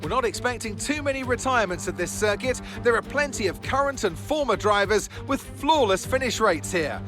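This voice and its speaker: A man's voice: high voice, expressive, fairly quick. An actor playing a professional male race broadcaster in a racing game, with a polished broadcast delivery. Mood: upbeat. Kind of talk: scripted race commentary. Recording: game audio with clear music behind. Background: game music.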